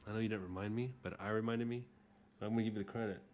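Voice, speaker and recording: A man hosting a drawing livestream, talking casually while he sketches, rambling and joking at his own expense, often trailing off into soft mumbles. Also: lowish voice, fairly even intonation, very fast, a little hiss or hum. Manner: rambling, jokey and self-mocking.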